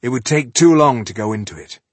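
A man voicing a bad-tempered one-eyed male dwarf warrior who snaps impatiently, with a husky voice. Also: mid-range voice, lively intonation, fairly quick, no echo, pitched above the performer's own voice, lightly acted. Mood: cross. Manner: impatient, grumbling, snappish.

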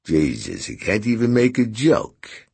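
A man's voice: on the low side, sing-song, unhurried, gravelly, darkish tone, husky, no room sound, pitched above the performer's own voice, exaggerated voice. A man voicing a sneering, nasal older man who needles and gossips. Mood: jeering. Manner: jeering, needling.

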